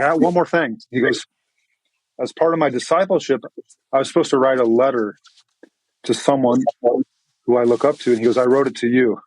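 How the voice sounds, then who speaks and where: A man's voice: mid-range voice, dry recording, low-quality recording. A man, a pastor, tells an emotional story in a podcast interview with an earnest manner and many restarts.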